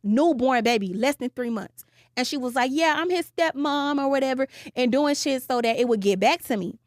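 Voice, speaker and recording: A woman's voice: on the high side, brisk, dry recording, studio quality. Blunt, profane young woman. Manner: blunt and profane, animated retelling with quoted voices. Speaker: podcast guest telling her story. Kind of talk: candid storytelling, casual podcast chat.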